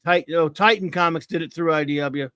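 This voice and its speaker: A man's voice: a little high, steady tone, fairly quick, a bit bright, smooth, no room sound. A middle-aged American man hosting a comics talk show, ranting about a comic with mocking scorn. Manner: scornful, mocking, repetitive rants.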